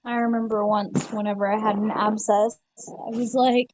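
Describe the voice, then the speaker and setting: A woman's voice: medium pitch, normal speed, dry recording. A woman telling stories in casual chat, swearing freely and acting out what people said. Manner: animated storyteller, swears, acts out quotes.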